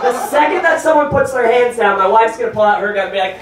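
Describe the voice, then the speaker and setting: A man performing a stand-up comedy set on a club stage, animated and profane, shouting his punchlines. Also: extremely high pitch, fast, few pauses, crowd noise. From United States. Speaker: stand-up comedian hosting a show. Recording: very echoey club audio, from far off.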